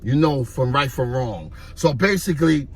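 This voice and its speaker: A man from Harlem, telling street stories in an animated way and acting out the voices. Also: mid-range voice, normal speed, slightly rough. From Harlem, New York. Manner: animated, acts out voices, repeats "you know what I mean". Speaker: storyteller. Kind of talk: street storytelling vlog.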